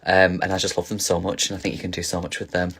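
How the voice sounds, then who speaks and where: A man's voice: low-pitched, monotone, fast, fairly bright tone, slightly rough. A man casually chatting on a phone livestream as a drag performer, reading viewer questions aloud and answering with camp, giggly energy.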